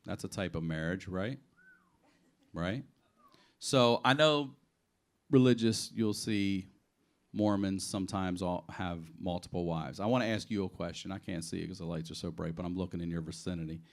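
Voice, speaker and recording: A man from Baltimore doing improvised stand-up on a comedy club stage, telling profane, animated stories and acting out the quotes. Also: low voice, normal speed. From Baltimore, USA. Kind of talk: improvised stand-up on audience requests.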